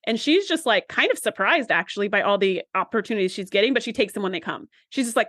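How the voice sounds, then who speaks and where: A woman co-hosting a podcast, casually recapping a TV episode and acting out the characters' lines in quick bursts. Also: medium pitch, lively intonation, a bit bright, no room sound, clean studio sound. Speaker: podcast co-host.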